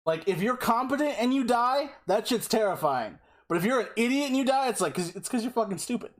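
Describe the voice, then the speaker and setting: A man's voice: very high voice, sing-song, brisk. A man co-hosting a podcast, telling stories casually and animatedly with frequent swearing and laughter. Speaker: podcast co-host. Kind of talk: casual chat.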